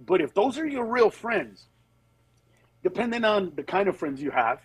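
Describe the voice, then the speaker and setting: A male comedian chatting as a podcast guest, his voice pitched high and a little husky. He tells stories with big swings up and down in pitch and keeps dropping into quick impressions. When he makes a serious point he turns earnest and emphatic, and the recording sounds close and dry. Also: no room sound, poor audio. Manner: animated storytelling, slips into quick character voices. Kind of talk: casual podcast conversation.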